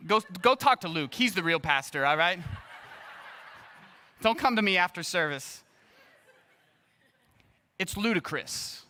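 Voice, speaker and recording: A man, a guest pastor, preaching an earnest, animated sermon and acting out bits of dialogue. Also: high voice, measured pace, long pauses. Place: church sanctuary.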